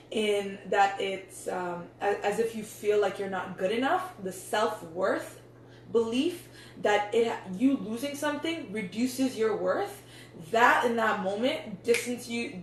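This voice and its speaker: A young woman talks loosely to camera, peppering her talk with swearing and slang. She sits back from the mic, so her voice sounds distant and bounces around an echoey room, with faint noise underneath. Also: mid-range voice. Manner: loose, chatty, swears freely, says "like" and "yo" a lot. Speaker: meditation coach. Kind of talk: casual vlog talk.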